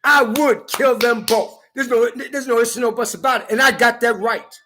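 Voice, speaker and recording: A man delivering a heated, profane rant to camera, often breaking into shouts. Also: very high-pitched, fairly even intonation, moderate pace, a little hiss or hum. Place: California.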